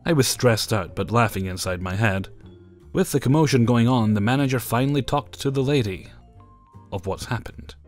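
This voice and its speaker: A man's voice: medium pitch, expressive, normal speed, soft background music. A man narrating personal stories in a wry, matter-of-fact way. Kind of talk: storytelling narration.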